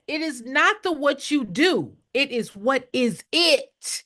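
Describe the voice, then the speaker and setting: A woman's voice: sits high, animated, measured pace, few pauses, a bit bright. A woman fundraising coach teaching a live class with emphatic, repetitive call-and-response, often asking listeners to answer in the chat.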